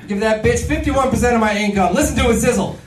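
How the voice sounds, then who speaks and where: A man performing a stand-up comedy set in a slow, deadpan manner, taped live in a club. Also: very high voice, reverberant, far from the mic, a little hiss or hum, poor audio.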